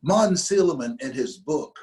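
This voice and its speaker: An older man from the United States, an interview guest telling a motivational story, slowing down to stress key phrases. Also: on the high side, lively intonation, darkish tone, low-quality recording.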